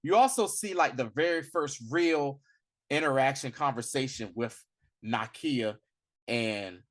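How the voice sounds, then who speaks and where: A man talking casually as a podcast host reviewing a film, slangy and animated, acting out the lines he recounts. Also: medium pitch, measured pace. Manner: animated, slangy, acts out quotes in bursts. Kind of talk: casual movie review chat.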